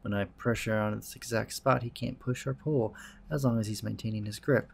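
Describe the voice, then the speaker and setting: Gravelly guy reading a visual novel out loud, dry and wry. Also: on the low side, steady tone, fairly quick. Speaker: let's play host.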